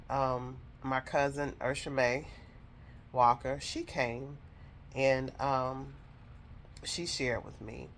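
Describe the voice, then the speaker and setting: A woman's voice: very deep voice, a little hiss or hum. A woman telling viewers a personal story in an emotional, heartfelt way, speaking straight to them. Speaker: vlogger telling her own story.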